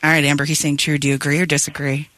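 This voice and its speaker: A man's voice: on the high side, level tone, very fast, dry recording. A man hosting a comedy morning radio show, running a quiz game and laughing often. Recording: loud music bed underneath.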